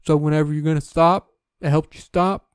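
A man putting on the voice of an earnest car buyer who brags haltingly about his new vehicle. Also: on the high side, steady tone, clean tone, no echo, clean studio sound, lightly acted. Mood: gushing. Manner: hesitant, filler-laden bragging. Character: gushing male car buyer, earnest and rambling.

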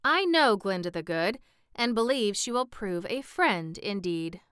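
A woman's voice: mid-range voice, animated, a little slow, a bit bright, clean tone, no room sound, clean studio sound. Woman voicing a tender-hearted tin man. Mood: earnest. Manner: earnest, sympathetic. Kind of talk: audiobook reading.

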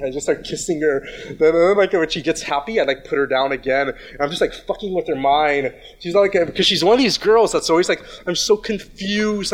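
A man telling a story in casual chat, rambling with lots of fillers and restarts, crude and blunt. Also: on the high side.

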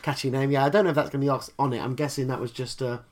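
A man co-hosts a music podcast in relaxed, chatty conversation. He laughs easily and pokes fun at himself. His voice sits in a middle register. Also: mid-range voice, very fast. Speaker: podcast co-host. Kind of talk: casual chat.

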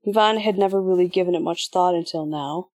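A woman reading an audiobook in measured, even scripted narration. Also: lowish voice, dry recording.

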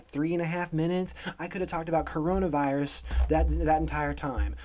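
With a voice that sits on the high side and a slightly mellow quality, this man co-hosts a podcast. He vents about current events sarcastically and emphatically, often throwing in "okay?"

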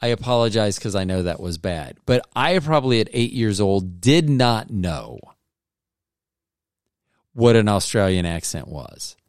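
Low smooth guy rambling thru a funny story, keeps cutting himself off. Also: big pitch swings, a little slow, dry recording, clean studio sound. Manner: rambling, self-interrupting, restarts sentences. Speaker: podcast host. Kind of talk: casual comedic storytelling.

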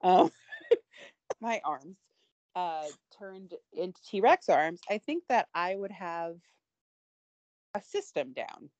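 A woman's voice: fairly low pitch, big pitch swings, slow, long pauses, a little mellow, no echo, highs cut off. A woman co-hosting a podcast in casual chat, rambling and self-deprecating with frequent giggles. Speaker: podcast co-host.

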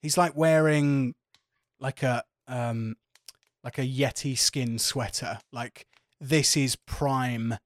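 A man's voice: medium pitch, fairly even intonation, takes it slowly, no echo. A man narrating as game master of a tabletop game, rambling with many fillers.

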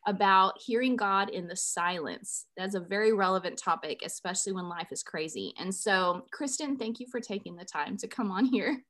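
An upbeat woman hosts a Christian podcast with eager energy. She talks in the middle of the usual range for a woman and sounds lively while she welcomes a guest. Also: mid-range voice, normal speed, few pauses. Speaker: podcast host. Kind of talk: faith podcast intro and interview.

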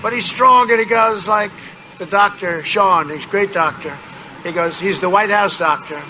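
A man's voice: high voice, normal speed. Boastful man at a noisy outdoor rally. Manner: rambling, boastful, repetitive. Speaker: political candidate at a campaign rally. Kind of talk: campaign rally speech. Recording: loud outdoor noise behind.

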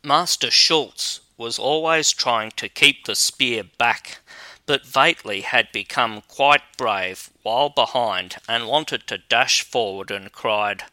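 Male audiobook narrator, measured and unhurried, bright dry sound. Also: mid-range voice, dry recording. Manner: measured, even reading. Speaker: audiobook reader. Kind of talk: storybook narration.

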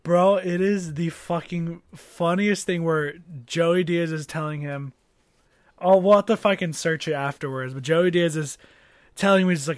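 A man's voice: a little high, fairly even intonation, unhurried, no room sound, clean studio sound. A young man co-hosting a casual podcast, swearing a lot and laughing often as he retells stories. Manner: swears constantly, laughs often, mimics people while retelling. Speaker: podcast co-host. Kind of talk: casual crude banter.

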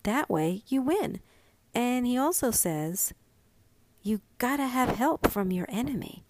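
A woman voicing an excitable, scheming little girl who talks eagerly and a bit whiny in a storybook reading. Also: on the high side, a little slow, no echo, pitched above the performer's own voice. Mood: excited.

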